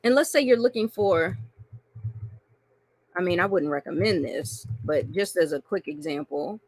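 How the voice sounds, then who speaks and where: A woman's voice: lowish voice, expressive, unhurried, no room sound. A woman coaching online marketers through a screen-share tutorial, chatty and casual, often checking in with "right?" and "okay?".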